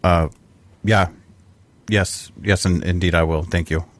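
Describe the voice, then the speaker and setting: A man describing his character's actions in a relaxed way while playing a tabletop game. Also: low-pitched, a little slow. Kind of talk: casual game chat.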